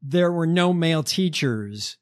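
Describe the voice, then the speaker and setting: A man's voice: fairly high pitch, lively intonation, a little slow. Hesitant man hosting a podcast. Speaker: podcast host. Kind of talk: casual chat.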